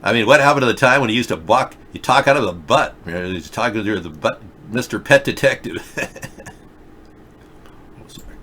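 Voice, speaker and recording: A man's voice: lowish voice, animated, normal speed, pauses often, pushed and bright, slight background noise. Rambling joking middle-aged male host. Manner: joking, rambling, sarcastic asides. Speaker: talk show host reading viewer chat. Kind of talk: rambling live video chat commentary.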